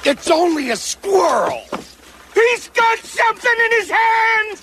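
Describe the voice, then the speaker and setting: An actor playing a boastful frontier trapper who tells wild animal stories in a comedy film clip. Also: male voice, extremely high pitch, sing-song, slow pace, raised voice, background noise, exaggerated voice. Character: blustering male frontier trapper spinning gory animal tales. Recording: film clip with music behind.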